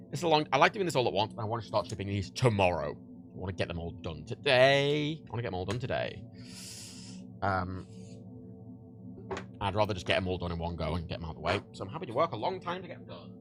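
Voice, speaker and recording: A man from Ireland, hosting a livestream, chatting casually and rambling with repeated words and fillers while he packs prints at home. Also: on the low side. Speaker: livestream host. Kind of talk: casual chat while packing orders. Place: home workspace, packaging prints.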